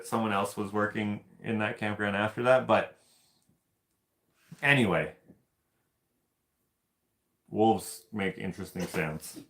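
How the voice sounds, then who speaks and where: A man from Canada hosting a casual livestream, telling stories in an animated, laughing, loosely profane way. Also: on the low side. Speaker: host of live hangout stream.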